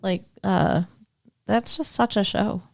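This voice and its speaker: A woman's voice: medium pitch, slow pace, vocal fry. A woman co-hosting a podcast in casual recap chat, laughing a lot and teasing her partner. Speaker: podcast co-host.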